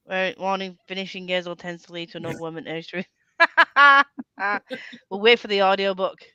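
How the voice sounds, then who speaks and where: A woman hosting a casual bookish group video call, chatty and quick to laugh. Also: on the low side, pushed and bright, clean tone, no room sound, dull audio. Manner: chatty, laughs often, reads comments aloud. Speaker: booktube host.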